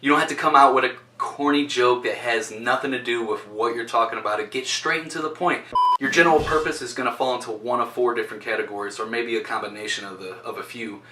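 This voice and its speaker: A man giving an instructional talk on presentation skills, speaking directly and shifting his loudness for emphasis. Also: medium pitch, fast, a little hiss or hum. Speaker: presentation coach. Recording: roomy sound from a distance.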